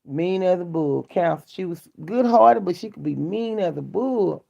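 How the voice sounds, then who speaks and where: A middle-aged woman talks casually to her viewers, blunt and candid as she tells stories from home life in everyday speech. Her voice has a gravelly, fry-laden edge. The recording sounds dull and lo-fi. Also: lowish voice, lively intonation, moderate pace, mellow. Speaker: vlogger. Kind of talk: casual chat.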